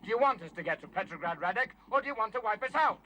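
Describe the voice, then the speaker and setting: A man's voice: mid-range voice, animated, fairly quick, slight background noise, lightly acted, low-quality recording. An actor playing a stern middle-aged male revolutionary leader in a TV drama, questioning and pressing others. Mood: shouting. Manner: probing, building into shouting. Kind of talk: 1980s TV drama acting.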